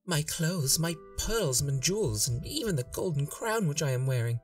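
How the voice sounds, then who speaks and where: A man voicing a young spoiled princess in a fairy tale reading, raising his voice higher. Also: sing-song, moderate pace, far from the mic, faint music behind. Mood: eager.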